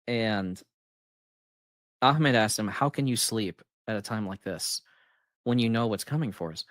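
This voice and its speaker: A man casually retelling a movie scene, acting out the characters' lines with sudden jumps in pitch and chuckling along the way. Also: unhurried, dry recording, clean studio sound. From United States. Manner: animated storyteller, acts out quotes with big pitch jumps and laughs. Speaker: author and channel host.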